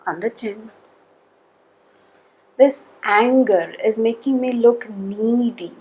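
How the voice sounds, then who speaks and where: Tapping guide, female, unhurried delivery, husky tone, measured calls between statements. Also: a little high, a little mellow, poor audio.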